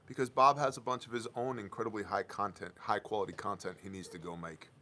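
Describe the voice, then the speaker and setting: A man's voice: lowish voice, steady tone, fast talker, bright, forceful tone. A man hosting a live stream, reading news aloud and riffing on it with sarcastic, offhand comments. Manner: sarcastic, loose, reads headlines aloud then riffs.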